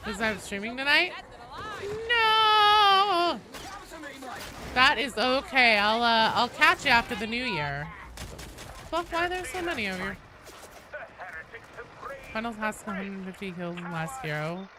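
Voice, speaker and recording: A young woman chats while she streams a game, reading out and answering her viewers, with an easy habit of swearing. Her pitch bounces up and down as she talks. A steady hiss of background noise sits behind her voice. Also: normal speed, pauses often. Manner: chatty, reads and answers chat, swears casually. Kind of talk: casual live-stream chat while gaming.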